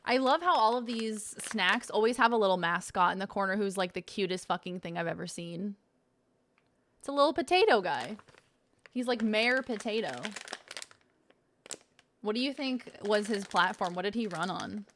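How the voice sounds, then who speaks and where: A woman's voice: medium pitch, lively intonation, normal speed, fairly bright tone, a little hiss or hum. A woman streamer chatting casually on a live stream, playful and swearing freely as she sounds out words from snack packaging.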